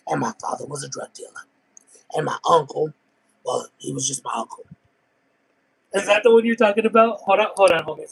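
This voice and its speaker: A man's voice: fairly high pitch, gravelly, husky, full character voice, rough recording. A man voicing a brash, crude trailer-park woman smoker who rambles through gossip in a comedic character monologue.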